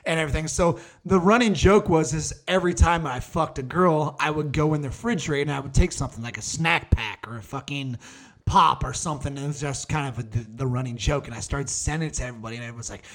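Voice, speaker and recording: A man's voice: on the high side, quick pace. A young man hosting a casual podcast, telling crude stories with lots of swearing and laughter. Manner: profane, rambling storyteller, laughs often. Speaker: podcast host. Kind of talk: casual chat.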